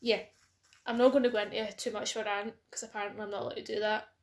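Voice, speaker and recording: A woman's voice: medium pitch, little pitch movement, quick pace. A young Scottish woman co-hosting a podcast, chatting casually, often laughing and swearing. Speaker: podcast co-host. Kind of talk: casual chat.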